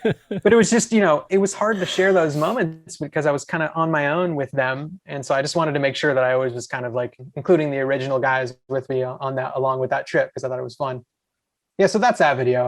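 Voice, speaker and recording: A man's voice: fairly high pitch, gravelly. A man, a podcast guest, telling enthusiastic, rambling stories full of asides in casual chat. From USA. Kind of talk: casual storytelling.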